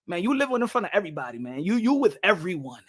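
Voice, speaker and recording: Brief: boxing channel host, New York man, animated profane rant, laughs a lot. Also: high-pitched, fast, breathy edge. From New York City. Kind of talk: casual rant to camera.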